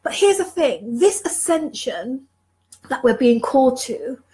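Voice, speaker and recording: A woman's voice: sits high, very animated, measured pace, dark tone, rough recording. A woman leadership mentor giving an emotional, passionate motivational talk, repeating phrases for emphasis. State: emotional, moved. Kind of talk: motivational live talk to viewers.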